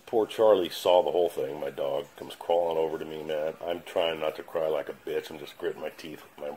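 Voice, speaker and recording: A man's voice: a bass voice, steady tone, fairly quick, warm tone, a little hiss or hum, rough recording. A middle-aged man telling a dramatic personal story to his channel in a blunt, profane, casual way. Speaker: channel host. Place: his house basement.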